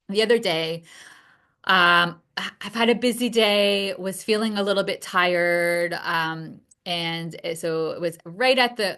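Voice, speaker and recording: A woman's voice: on the low side, bright, forceful tone. A middle-aged woman hosting a solo podcast, telling a personal story in a reflective way with many fillers and restarts. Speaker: podcast host.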